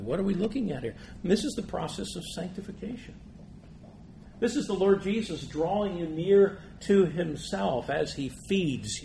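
A man's voice: fairly high pitch, gravelly, a little mellow. A male pastor preaching a sermon, asking rhetorical questions and building to emphatic peaks. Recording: echoey room with faint noise.

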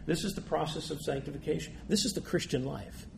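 A man preaches a sermon in a somewhat high voice with a gravelly edge. He builds through rhetorical questions to emphatic peaks. The sound is roomy and echoey, with faint noise underneath. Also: fairly quick. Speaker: pastor.

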